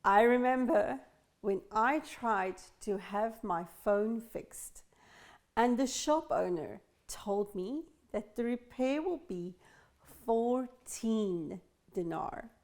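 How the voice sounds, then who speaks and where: A woman teaching an English lesson to learners, speaking slowly and carefully and stressing each sound clearly. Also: on the high side.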